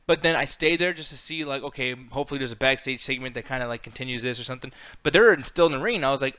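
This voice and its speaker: A man's voice: mid-range voice, quick pace, sharp tone, smooth. A man co-hosting a casual review chat, ranting and swearing freely. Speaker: co-host.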